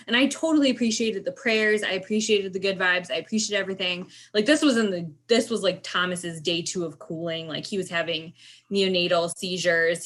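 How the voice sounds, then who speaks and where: A woman's voice: fairly low pitch, a bit bright. A young woman candidly recounting a hard personal experience in casual conversation, emphatic and full of "like" fillers. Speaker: co-host sharing a birth story.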